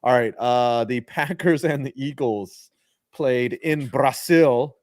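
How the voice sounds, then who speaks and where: A man co-hosting a casual sports podcast, talking haltingly with many restarts. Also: mid-range voice, a little mellow, dry recording, clean studio sound. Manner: halting, repeats words, gloomy jokes. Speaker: podcast co-host.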